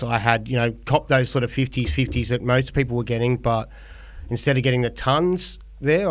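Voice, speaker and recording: With a medium-pitched voice and no echo, this Australian co-host of a fantasy footy podcast keeps things loose and casual. He wanders from point to point, filling the gaps with plenty of fillers.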